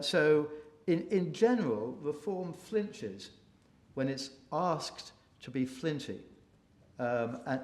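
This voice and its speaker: A man speaking at a policy briefing event, halting often with restarts and fillers, mocking opposing views. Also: fairly high pitch. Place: event room. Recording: echoey room.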